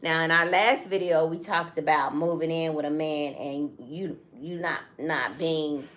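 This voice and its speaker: A woman's voice: low voice, steady tone, a little slow, a bit bright. Emphatic middle-aged woman telling a story. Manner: emphatic storytelling with direct asides. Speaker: co-host. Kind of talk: casual chat.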